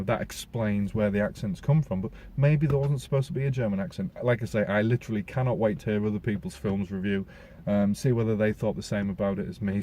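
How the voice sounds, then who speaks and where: Rambling man with a low, mellow voice. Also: a little hiss or hum. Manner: rambling, restarts words, many fillers. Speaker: film reviewer, podcast host. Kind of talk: casual spoken film review.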